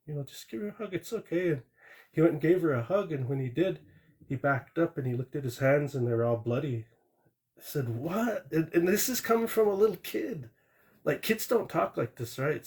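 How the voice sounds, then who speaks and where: A man's voice: a little high, fairly quick, a little mellow. A man calling into a live stream and telling a true ghost story in a rambling, plain-spoken way, with small restarts and asides. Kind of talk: casual storytelling.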